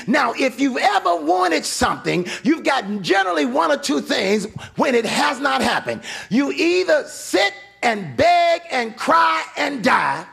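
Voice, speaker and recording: A man's voice: very high-pitched, sing-song, measured pace, gravelly, hardly any pauses, a bit bright, raised voice, soft background music. A male pastor preaching a fervent sermon, urging listeners on with repeated calls. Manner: preaching with fervor, calls and repetition.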